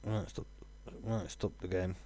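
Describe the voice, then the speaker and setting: A man's voice: deep voice, little pitch movement, a little slow, mellow, slight background noise. A man, musing aloud with fillers while streaming a game. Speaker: gaming streamer. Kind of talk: casual let's-play commentary.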